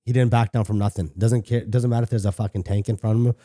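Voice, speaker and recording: A middle-aged man from Canada recounts a personal story on a podcast in a low, very mellow voice. He talks candidly, swears freely and often stops and restarts his sentences. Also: steady tone, fast talker. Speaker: podcast guest. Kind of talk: casual storytelling.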